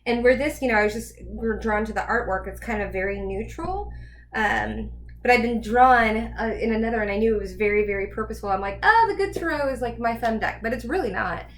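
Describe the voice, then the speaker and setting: A woman's voice: mid-range voice, brisk, slight background noise. A woman giving a casual tarot reading, chatty and rambling as she thinks aloud. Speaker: tarot reader.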